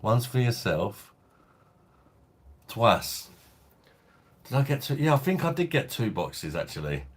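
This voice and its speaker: A man's voice: mid-range voice, very animated, unhurried, long pauses, slightly rough. A man hosting a casual beer review livestream, chatting laid-back and reading out viewer comments. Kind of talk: casual live-stream chat.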